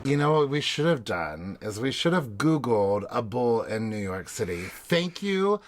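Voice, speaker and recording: Podcast cohost guy, average pitch, laughs a lot, teasing banter. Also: very animated, a little slow. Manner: laughs easily, playful, teasing. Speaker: podcast co-host. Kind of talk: casual chat.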